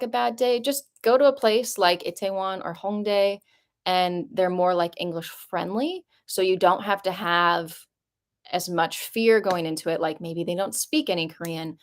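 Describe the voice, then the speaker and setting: A woman's voice: on the low side, fairly even intonation, normal speed. Young woman, casual live-stream chat, rambling, lots of "like", emotional, apartment vlog. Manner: chatty and rambling, heavy use of "like"; emotional, voice jumps up when moved. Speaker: vlogger answering viewer questions. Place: her apartment.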